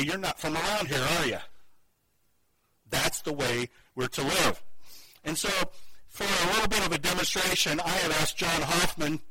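A male pastor preaching a sermon in a conversational, practical way, on a noisy live church mic. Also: a little high.

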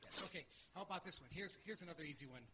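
A man's voice: a little high, racing, sharp tone. A man guest-performing at a live church service, playful and joking between his bits, on a noisy live mic.

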